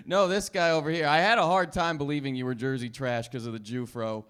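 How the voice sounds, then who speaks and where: A man doing stand-up who roasts the earlier comics, shifting from mumbled asides to sudden loud bursts. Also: a little high, moderate pace. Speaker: stand-up comedian. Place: comedy club stage.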